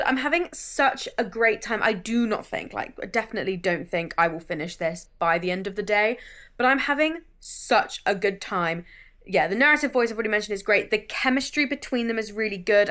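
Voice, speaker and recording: A woman's voice: mid-range voice, fairly bright tone. A woman vlogging about books in a chatty, enthusiastic way, swearing freely. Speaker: book vlogger. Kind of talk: casual vlog chat.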